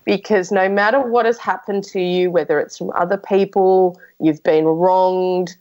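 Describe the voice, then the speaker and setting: A woman's voice: on the low side, steady tone, measured pace, darkish tone, lo-fi sound. A woman speaking as a podcast guest, telling her own story frankly in casual conversation, with many restarts and fillers.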